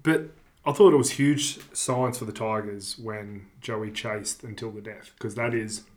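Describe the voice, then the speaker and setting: A man, co-hosting a podcast in casual sports chat, jokey and quick to laugh. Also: on the low side, fairly even intonation. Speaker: podcast co-host.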